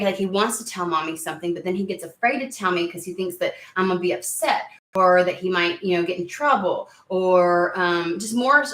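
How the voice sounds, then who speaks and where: A woman's voice: fairly low pitch, fairly bright tone, reverberant. A woman in her thirties chatting casually to camera as a tarot channel host, rambling with lots of fillers and restarts.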